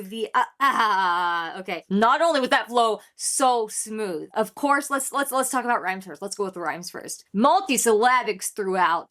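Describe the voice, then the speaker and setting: Excitable woman reacting to music. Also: medium pitch. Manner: excitable, animated, laughs often. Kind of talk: casual reaction commentary.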